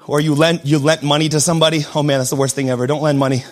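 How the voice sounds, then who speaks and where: A young adult man preaching a sermon, switching between shouted declarations and quiet, joking asides. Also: fairly high pitch, steady tone, racing. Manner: self-deprecating humor. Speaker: pastor.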